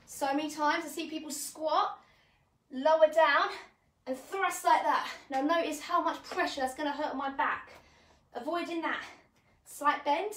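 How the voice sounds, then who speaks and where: A woman's voice: sits high, a bit bright, echoey room, distant mic. A woman coaching a live online workout class, chatty and encouraging, a bit out of breath as she demonstrates the moves. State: slightly out of breath. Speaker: fitness coach.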